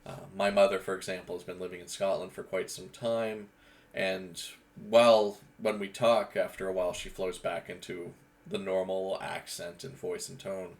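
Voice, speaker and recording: Male gaming host who rambles casually, low and gravelly. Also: level tone, normal speed. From Eastern Canada. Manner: rambling, with frequent restarts and fillers. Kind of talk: casual monologue.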